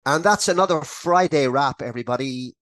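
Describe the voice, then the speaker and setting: Slightly high-pitched and a bit fast, this podcast co-host tells a joke on a comedy show with lots of laughing along the way. He tells stories animatedly, and the recording is dry.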